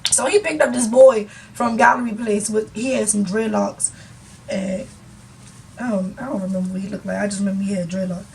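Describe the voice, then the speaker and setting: A young woman YouTuber telling a storytime vlog, retelling a conversation in an animated way and often breaking into laughter. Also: medium pitch, a little fast, gravelly, far from the mic, a little hiss or hum, poor audio.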